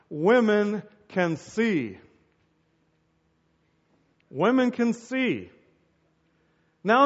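A man's voice: high-pitched, big-room sound, highs cut off. A middle-aged man preaching a sermon as a pastor and telling stories with acted-out voices.

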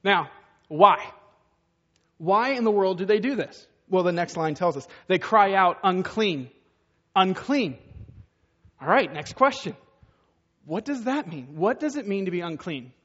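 A high-voiced man preaches a relaxed, conversational sermon full of rhetorical questions. His voice has a long hall echo, and the sound is dull and muffled. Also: moderate pace.

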